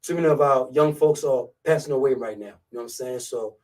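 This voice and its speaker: A man's voice: medium pitch, fast, distant mic, poor audio. A man with a thick French accent hosting a live radio show in a laid-back way. He talks casually and keeps checking in with his listeners. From Côte d'Ivoire. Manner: laid-back, keeps saying "you know what I'm saying". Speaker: radio host.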